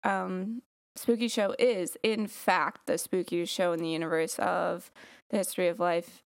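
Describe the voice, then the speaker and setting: A woman's voice: on the low side, fairly even intonation, measured pace, creaky. A woman hosting a casual podcast, chatty and giggly, rambling with many fillers. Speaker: podcast host. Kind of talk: casual chat.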